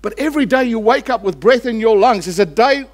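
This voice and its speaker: A male pastor preaching a church sermon with a high-pitched voice. He swings between rising, emphatic declarations and hushed, slowed passages. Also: lively intonation. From Australia. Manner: impassioned preaching, rising for emphasis then dropping low and slow.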